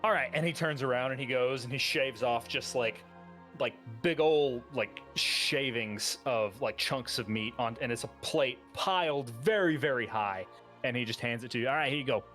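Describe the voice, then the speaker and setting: A man's voice: mid-range voice, normal speed, fairly bright tone, soft background music. A man as game master, narrating a tabletop game in a loose, casual way with lots of fillers.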